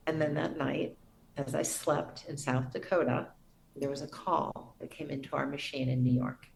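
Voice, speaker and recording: A middle-aged woman shares a personal story as a podcast guest, her voice low and touched with vocal fry. She speaks earnestly and reverently, sometimes restarting a phrase softly. A faint hiss sits under the recording. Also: fairly even intonation, normal speed, poor audio.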